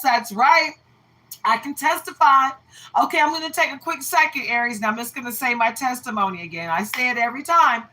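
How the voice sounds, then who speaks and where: A woman's voice: sits high, bright, forceful tone, rough recording. A woman reading tarot on a livestream, chatting in an emphatic, talkative way and greeting viewers by name. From Texas. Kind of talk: casual livestream chat.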